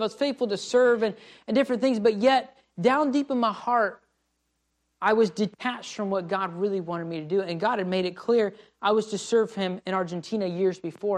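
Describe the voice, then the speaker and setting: A male missionary preacher delivers a sermon with fervor. He builds to loud, pleading cries, then drops to a hushed, low voice. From United States. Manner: impassioned, rising to pleading cries and dropping to quiet.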